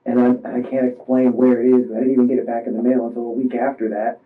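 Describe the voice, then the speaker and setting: A distressed man under police questioning, halting and rambling through his story with many restarts. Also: medium pitch, little pitch movement. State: distressed, voice strained. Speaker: suspect in police interrogation. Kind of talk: recounting events under questioning. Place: police interview room. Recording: tinny, distant interrogation-room recording.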